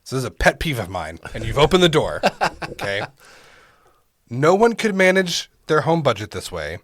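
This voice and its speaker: Guy cohosting a politics podcast, mid-pitch, dry close mic, gets real worked up. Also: moderate pace, dry recording. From Oklahoma. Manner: gets worked up, rising loud and animated. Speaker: podcast co-host. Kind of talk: casual political chat.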